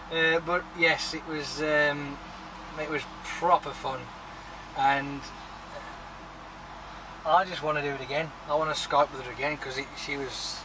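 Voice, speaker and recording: Brief: male vlogger, chatty and sweary, slightly high voice, mic set back with loud traffic behind. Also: steady tone, unhurried, long pauses, far from the mic. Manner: rambling, chatty, swears freely. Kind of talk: casual vlog chat.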